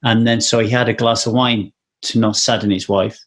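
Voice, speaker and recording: A man's voice: on the low side, fairly even intonation, moderate pace, fairly bright tone. A man hosting a casual interview, candid and swearing freely as he tells stories. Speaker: podcast host.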